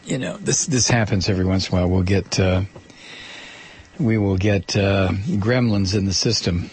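A man's voice: low-pitched, normal speed, a little mellow, husky. A man hosting a talk radio show, rambling and joking with lots of fillers and restarts. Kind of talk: casual talk radio monologue.

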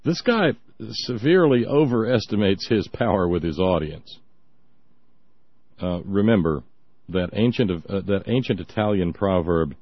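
A man's voice: low voice, expressive, moderate pace, no room sound. A man hosting a talk show, mocking the clips he plays and breaking into laughter and silly voices, on a dull lo-fi recording. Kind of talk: sarcastic commentary on clips.

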